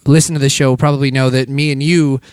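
A young American man co-hosting a comedy talk show, teasing his guest in excitable, jokey banter. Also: medium pitch, quick pace, clean tone, dry recording, clean studio sound. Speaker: radio show co-host.

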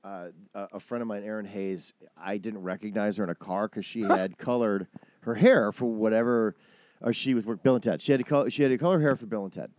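A man's voice: fairly low pitch, brisk, darkish tone, no echo. Man asking rambling questions. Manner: rambling questions with many restarts. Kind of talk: casual chat.

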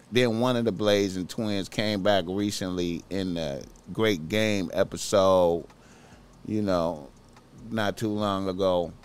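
Slow, low-voiced man preaching casually. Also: clear, resonant tone. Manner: slangy, profane, preachy, repeats himself. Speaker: podcast host. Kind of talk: casual podcast monologue.

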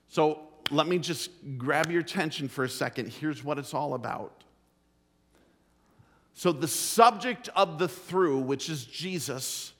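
A middle-aged man preaching a sermon as pastor, telling a folksy story with emphatic, drawn-out phrasing. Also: a little high, fairly bright tone. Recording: long hall reverb.

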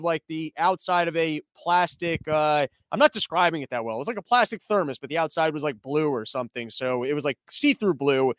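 A man's voice: high voice, dry recording, studio quality. A young man hosting a casual news commentary show, rambling with profane, sarcastic asides.

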